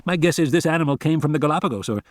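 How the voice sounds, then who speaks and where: A man's voice: on the high side, very fast, dry recording, clean studio sound, voice pushed up, lightly acted. A man doing a chatty field biologist. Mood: earnest.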